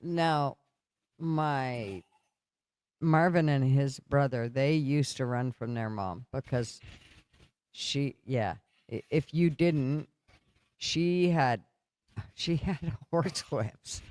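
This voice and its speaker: A man's voice: mid-range voice, extremely slow, long pauses, a little mellow, clean tone, no echo. A man telling family stories in a chatty, casual podcast conversation, laughing as he talks. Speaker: podcast co-host. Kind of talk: casual storytelling chat.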